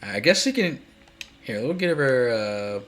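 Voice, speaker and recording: A man's voice: medium pitch, sing-song, measured pace, fairly bright tone. A man casually commenting on a life-sim game while streaming, chatty and rambling, laughing often and answering viewers.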